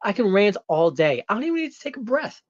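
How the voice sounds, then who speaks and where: A loud-mouthed heel wrestler, played by a man, boasts and taunts without pause. His pitch leaps up and down with every brag. The sound is dry and a little dull, like a lo-fi recording. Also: big pitch swings, dry recording. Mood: cocky. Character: brash arrogant male heel wrestler persona. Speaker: guest. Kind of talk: in-character comedic rant.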